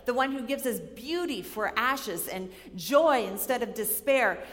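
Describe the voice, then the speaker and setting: A young woman giving a sermon built on a personal story. She is animated and acts out her own worried voice as she tells it. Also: a little high, a little slow. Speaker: speaker giving a chapel talk. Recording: long hall reverb.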